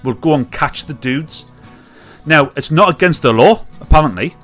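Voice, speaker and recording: A British man hosting a live comedy stream, ranting casually with jokes and loud mimicked honks. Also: on the high side, animated, normal speed, soft background music. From United Kingdom. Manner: chatty, jokey, mimics catcallers with loud honks and whoops. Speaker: livestream comedy show host.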